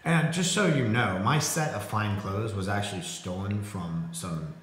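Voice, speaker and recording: A man's voice: fairly low pitch, measured pace. A man playing a tabletop game, rambling through his character's details with lots of ums and joking asides. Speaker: player. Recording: echoey room with faint noise.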